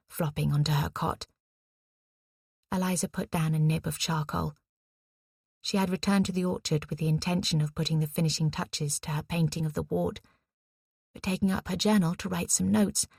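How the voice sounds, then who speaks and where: A woman narrates a novel in a measured, steady way. Her lower voice is husky with a gravelly fry, recorded dry and close to the mic. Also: no room sound. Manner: measured, even storytelling. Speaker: audiobook narrator. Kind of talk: scripted narration.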